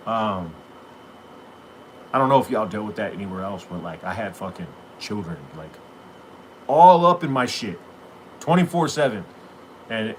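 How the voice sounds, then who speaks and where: A man's voice: on the low side, big pitch swings, moderate pace, pauses often, slight background noise. Profane, rambling middle-aged man. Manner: profane, rambling, heated rants. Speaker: podcast host. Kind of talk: casual live-stream chat.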